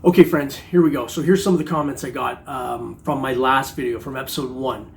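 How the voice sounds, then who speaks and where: Talking fairly quickly in a gravelly, medium-pitched voice with a steady tone, this middle-aged man rambles jokingly through a vlog about metal detecting, full of fillers. There's slight background noise.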